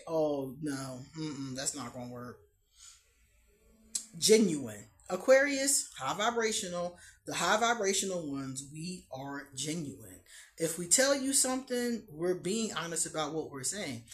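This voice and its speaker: A woman hosting an astrology talk channel, telling stories casually and laughing often. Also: mid-range voice. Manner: laughs often, animated storytelling. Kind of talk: casual chat to camera.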